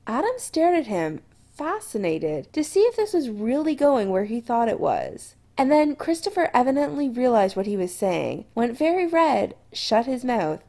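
A woman narrating a story aloud in an expressive, storytelling manner. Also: medium pitch, creaky. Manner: expressive storytelling with lively intonation. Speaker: audiobook narrator. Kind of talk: scripted narration.

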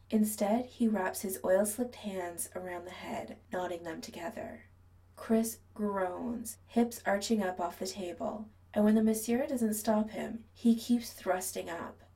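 A woman reading a story aloud in a soft, hushed narration that often drops to a whisper. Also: medium pitch, vocal fry, distant mic, low-quality recording. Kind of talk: scripted narration.

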